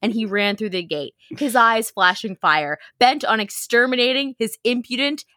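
A woman's voice: on the high side, lively intonation, normal speed, bright, forceful tone, dry recording, studio quality. A woman co-hosting a podcast, narrating an old novel aloud and often breaking off to laugh. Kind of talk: casual reading of a novel aloud.

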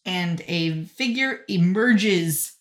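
A woman co-hosting a podcast, casually recapping a TV episode and acting out the characters' lines. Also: on the low side. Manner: lively, acts out characters' lines in quick voices. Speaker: podcast co-host recapping a TV show. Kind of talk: casual chat, recapping with acted quotes.

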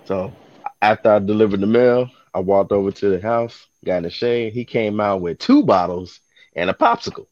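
Animated male podcast storyteller, dull lo-fi sound. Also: fairly low pitch, normal speed, dry recording. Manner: animated storyteller, acts out quotes. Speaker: podcast co-host. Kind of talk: casual storytelling chat.

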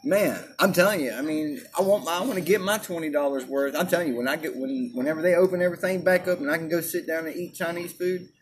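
A man's voice: on the high side, fast talker, hardly any pauses, a little hiss or hum. A man joking around in casual chat, laughing often and tossing in silly voices.

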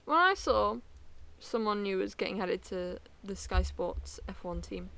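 Bright, excitable young woman co-host. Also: medium pitch, creaky. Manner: excitable, quick to laugh. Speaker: podcast co-host. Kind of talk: casual chat.

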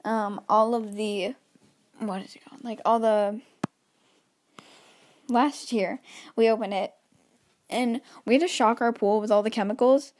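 A woman's voice: a little high, fairly even intonation, a little slow, long pauses, darkish tone. A teenage girl hosting her own podcast alone, talking nervously and rambling with lots of restarts, a little wheezy, while pacing around her bedroom. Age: teens. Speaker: podcast host. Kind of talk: solo podcast chat.

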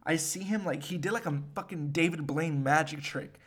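A young man telling a story in casual chat, animated and swearing, with many fillers. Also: fairly high pitch, normal speed, husky. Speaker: podcast host.

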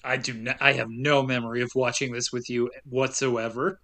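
Bright, lively male podcast host. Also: medium pitch. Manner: lively, laughs often, quick asides. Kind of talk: casual chat.

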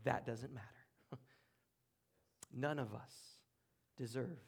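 A man pastor preaching a sermon in a church room, earnest, with dramatic pauses and drops to a hush. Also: medium pitch, vocal fry, breathy edge. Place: church room, speaking from the front.

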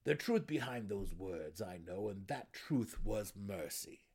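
A man's voice: fairly low pitch, animated, slow, darkish tone, husky, full character voice. A man voicing a male gnome burrow warden with a resonant voice who stammers as he speaks. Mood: earnest.

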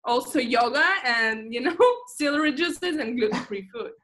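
Young woman from Russia, high voice, animated storyteller, laughs often, casual podcast chat. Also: normal speed, a little hiss or hum. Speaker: guest.

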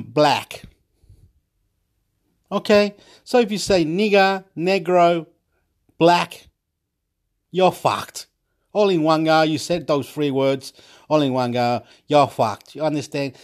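Profane ranting man, raised pitch. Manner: aggressive, profane, repetitive ranting; breaks into laughter. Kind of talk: rambling monologue.

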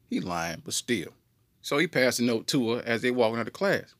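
A man telling a comedic story on a podcast in an animated, slangy way. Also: mid-range voice, moderate pace, no echo. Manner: animated, slangy, jumps into voices. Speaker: podcast co-host.

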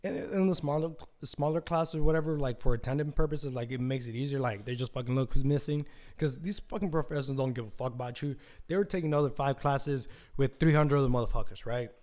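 A man's voice: mid-range voice, fast talker, few pauses, a little mellow. A young man hosting a casual solo podcast, telling a rambling, profane story and acting out quotes in raised voices. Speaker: podcast host.

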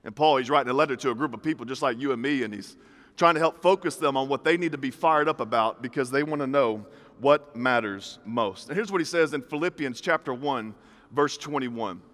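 A man's voice: mid-range voice, fairly quick, fairly bright tone. A man in his thirties preaching a sermon in a conversational style, with punchy repeated phrases. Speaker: pastor. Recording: reverberant hall.

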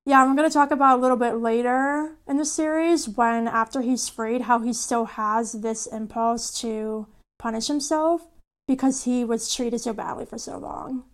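A woman's voice: fairly high pitch, steady tone, normal speed. A woman co-hosting a podcast, talking earnestly and casually with lots of "like". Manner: earnest, uses many "like"s. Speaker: podcast co-host. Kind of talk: casual chat.

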